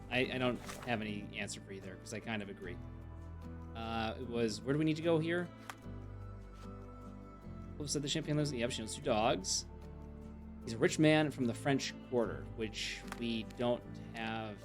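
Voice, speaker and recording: A man streaming a video game live, thinking aloud and gently mocking himself. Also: medium pitch.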